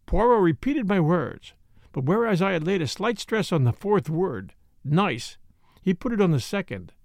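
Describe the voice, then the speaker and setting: Gravelly male audiobook narrator. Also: high-pitched, sing-song, a little mellow, dry recording, clean studio sound. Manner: measured storytelling, characters' lines read with hesitation. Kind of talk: first-person novel narration.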